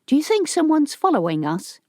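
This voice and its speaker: A woman's voice: high-pitched, sing-song, brisk, darkish tone, no echo, clean studio sound, pitched above the performer's own voice. Woman reading a wary young heroine.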